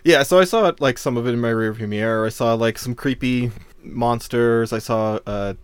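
A man's voice: mid-range voice, moderate pace, clean tone, no room sound. A man co-hosting a podcast, rambling casually with many fillers. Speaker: podcast co-host and editor.

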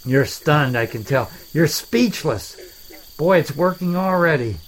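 A man voicing a rambling, self-deprecating alligator in a swamp, talking in halting starts in a comedy dialogue. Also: a little high, lively intonation, rough recording. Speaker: main character of a comedy podcast.

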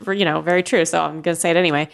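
A woman's voice: low voice, fairly even intonation, rapid-fire, creaky, clear, resonant tone. A woman hosting a podcast, chatting casually and animatedly with lots of fillers. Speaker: podcast host. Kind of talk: casual chat.

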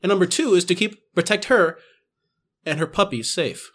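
A man's voice: sits high, expressive, moderate pace, a bit bright. A man narrating a tabletop game as game master, playful and laughing often.

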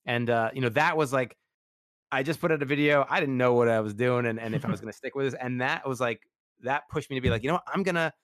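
Fast-talking enthusiastic man host. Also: medium pitch, fairly even intonation, no room sound, clean studio sound. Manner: enthusiastic, heavy use of "like" and fillers. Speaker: podcast host. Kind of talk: casual interview chat.

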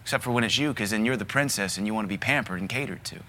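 A man's voice: fairly low pitch, racing, few pauses, sharp tone. A middle-aged man with a Southern US accent, preaching a sermon in a blunt, emphatic way with lots of repetition. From American South. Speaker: pastor.

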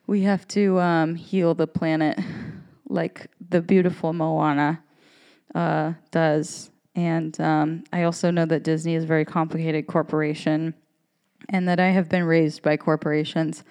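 A woman's voice: deep voice, little pitch movement, unhurried, a little mellow, clear, resonant tone. A woman in her thirties hosting a podcast, talking in a candid, rambling, profane way. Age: 30s. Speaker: podcast host. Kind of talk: casual monologue.

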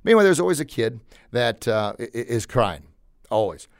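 A podcast host with a medium-pitched, very animated voice gives a motivational talk at a moderate pace. His coaching tone is emphatic, and he repeats phrases to drive points home. The recording is dry and of studio quality.

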